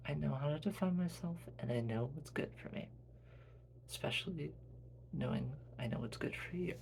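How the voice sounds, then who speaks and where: A man voicing a devoted young wife who speaks hushed and soft, close to a whisper. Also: fairly high pitch, normal speed, vocal fry, a little hiss or hum. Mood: tender.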